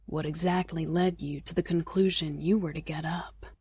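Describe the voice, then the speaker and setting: A woman narrator voicing a bossy, teasing male sheriff in an audiobook, in a low, hushed and commanding tone. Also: fairly even intonation, normal speed, breathy edge, dry recording.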